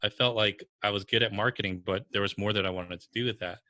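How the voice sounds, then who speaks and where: A man's voice: lowish voice, fast talker, dry recording. A man from the New Jersey or New York area with a New York-area accent, a business coach telling stories bluntly and energetically in a podcast interview. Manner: blunt, energetic storytelling with strong language.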